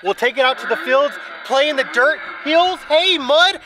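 A dad playing make-believe with his kids outdoors on a farm, talking in an animated, playfully dramatic way. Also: very high-pitched, normal speed. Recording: noisy outdoor recording.

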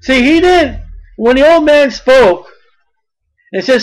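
A man preaching a sermon, blunt and folksy, mocking at times and rising to shouts. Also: very high voice, measured pace, low-quality recording.

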